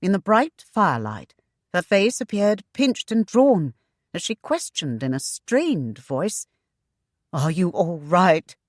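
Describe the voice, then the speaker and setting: A woman reading a historical romance novel aloud in a measured, unhurried way. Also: mid-range voice, sing-song, no echo, clean studio sound. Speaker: audiobook narrator. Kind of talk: scripted narration.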